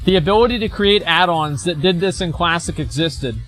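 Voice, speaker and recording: Male streamer, slightly high voice, blunt, mocking, swears freely while reacting to posts. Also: fairly quick, fairly bright tone, faint music behind. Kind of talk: reading and reacting to forum posts.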